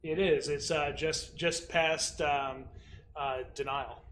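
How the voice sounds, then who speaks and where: A man's voice: on the high side, fairly even intonation, slow pace, a bit bright, a little hiss or hum. A man co-hosting a trivia night who chats in a rambling way, full of fillers and side stories. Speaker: trivia co-host. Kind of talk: casual trivia banter.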